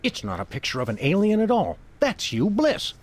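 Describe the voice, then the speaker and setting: An actor voicing a calm, wry dog detective in a video game, speaking in a deadpan, formal way. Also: male voice, high voice, normal speed, exaggerated voice.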